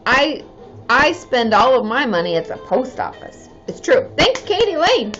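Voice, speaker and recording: Bubbly high-voiced woman chatting on a live stream. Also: big pitch swings, a little slow, a bit bright. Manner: bubbly, chatty, cheers often. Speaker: therapist hosting a live stream. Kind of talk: casual live-stream chat with viewers. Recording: slightly dull sound with faint music behind.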